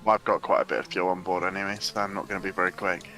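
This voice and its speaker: A man's voice: deep voice, flat delivery, rapid-fire, bright, forceful tone. A man chatting casually with a teammate while driving in a racing game. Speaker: sim racing driver. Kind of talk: casual chat while gaming.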